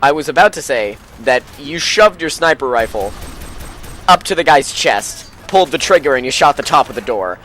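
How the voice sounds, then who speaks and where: A man joking sarcastically while watching a friend play a shooter game, often trailing off into a low mutter. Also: expressive, moderate pace, a bit bright, slight background noise. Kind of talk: casual let's play commentary.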